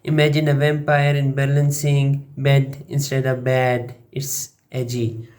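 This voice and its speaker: A young man from Pakistan, a language learning YouTuber, giving a jokey, unhurried explainer with pauses between phrases. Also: mid-range voice, monotone, darkish tone. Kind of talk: playful explainer monologue.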